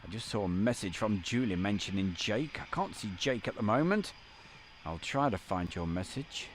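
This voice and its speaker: A man's voice: fairly low pitch, expressive, normal speed, background noise. Chatty man hosting a live stream. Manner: chatty, reading out viewer names and greetings. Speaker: livestream host. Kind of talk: live stream chat, greeting viewers. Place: inside an editing van.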